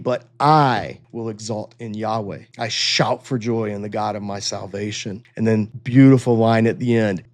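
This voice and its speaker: Man, Bible teacher, earnest, emphatic, slow scripture reading, mid-range voice. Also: mid-range voice, darkish tone. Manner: earnest, emphatic, reads scripture aloud slowly.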